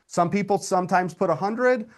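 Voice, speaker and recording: A man, coaching real estate agents in a live webinar, energetic and direct with his audience. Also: high voice, moderate pace. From Indiana, USA.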